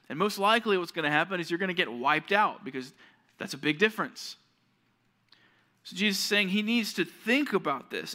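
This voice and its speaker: A young male youth pastor delivers a sermon to junior high kids. His voice is bright, forceful and a little high. He tells stories and acts out the voices he quotes.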